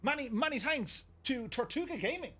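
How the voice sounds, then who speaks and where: A man's voice: extremely high pitch, big pitch swings, normal speed, pushed and bright, a little hiss or hum. An Irish man streaming a game, chatting casually and joking about impressions, laughing often. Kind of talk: casual live-stream chat.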